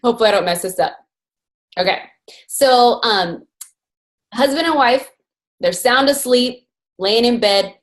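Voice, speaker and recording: A woman's voice: fairly high pitch, measured pace, long pauses. An upbeat woman hosting a video call, telling a joke in a casual, chatty way. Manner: upbeat, tells a joke with acted voices. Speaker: call host.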